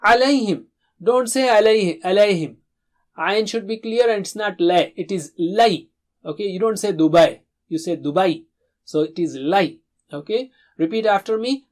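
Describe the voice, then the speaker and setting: A Quran recitation teacher leading a pronunciation drill, modelling syllables and words for students to repeat and correcting common mistakes patiently. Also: mid-range voice. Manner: models syllables slowly for repetition.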